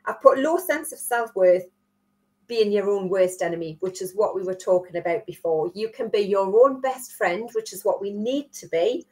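A woman with a northeast English Geordie accent talks through a podcast chat in an easy, conversational way. Her voice sits at an ordinary middle pitch, and she keeps pulling her co-host in with little tag questions at the end of her points. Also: lively intonation, normal speed, darkish tone. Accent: Geordie, northeast England. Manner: chatty, leans on tag questions. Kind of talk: casual chat.

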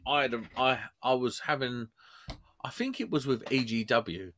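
A man's voice: medium pitch, normal speed, a crowd in the background. A man, co-hosting a podcast and ribbing his co-hosts with playful jabs. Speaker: podcast co-host. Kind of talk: casual podcast banter.

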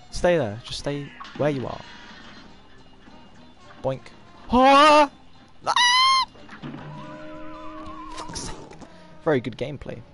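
A sixteen-year-old boy streaming a game, excitable and swearing, shouting at the game. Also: fairly high pitch, slow, long pauses, over music. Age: teens. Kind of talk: live gameplay commentary.

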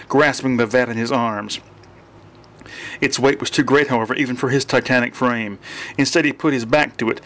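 A man narrating an audiobook in a dry, measured reading voice. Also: mid-range voice, fairly bright tone.

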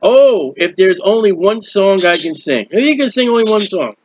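A man preaching a sermon in an earnest, rambling way, with restarts and quiet asides, recorded at home. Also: high voice, animated, moderate pace, dull audio, slight background noise. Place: at home, birds heard nearby.

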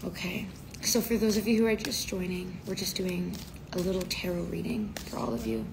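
A woman's voice: lowish voice, normal speed, vocal fry. Young woman, twenties, casual livestream host, playful and giggly, noisy phone audio at home. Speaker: livestream host reading tarot.

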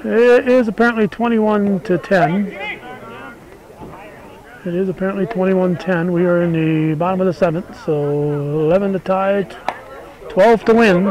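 Middle-aged male local sports announcer, higher-pitched, easygoing and talkative, live outdoors with crowd behind. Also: a little slow, pauses often, poor audio. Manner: chatty, relaxed, corrects himself, aside-prone. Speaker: play-by-play announcer. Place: outdoor softball field. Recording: crowd noise at an outdoor ballfield.

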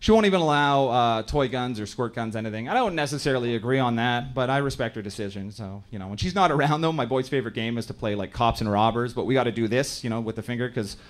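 A Canadian man in his thirties performing a stand-up comedy set on a club stage, telling family stories and briefly acting out other people in quick voices. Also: medium pitch. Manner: storytelling, acts out other characters in quick voices.

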